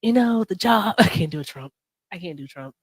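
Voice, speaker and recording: A woman hosting a casual livestream, playful and expressive, laughing often as she chats. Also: mid-range voice, brisk, slightly rough, no room sound, clean studio sound. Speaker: streamer host.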